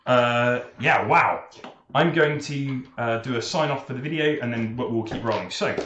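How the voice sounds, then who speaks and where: A man's voice: mid-range voice, normal speed, a bit bright, echoey room, slight background noise. A man running a tabletop game as game master, talking with enthusiasm and frequent fillers.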